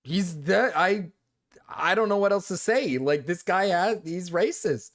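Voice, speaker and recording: A man's voice: sits high, lively intonation, a little slow, fairly bright tone. A man streaming, giving casual reaction commentary, laughing often, swearing and repeating himself.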